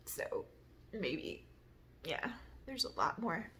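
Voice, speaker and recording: A woman hosting a spiritual talk, musing aloud in a meandering way, full of fillers, often trailing into soft whispers. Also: on the low side, very animated, slow, slight background noise. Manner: reads an apology mantra in a lifted, earnest voice. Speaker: spiritual podcast host. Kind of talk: reflective personal monologue.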